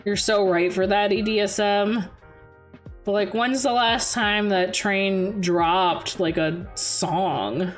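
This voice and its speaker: A woman's voice: mid-range voice, fairly even intonation, takes it slowly, faint music behind. A young woman streaming and chatting casually with viewers, rambling and giggling as she talks.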